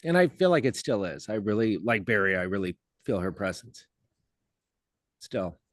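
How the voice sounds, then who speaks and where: Halting low-voiced man, dry sound. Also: sing-song, dry recording. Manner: halting, many fillers and restarts. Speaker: guest. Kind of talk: heartfelt casual conversation.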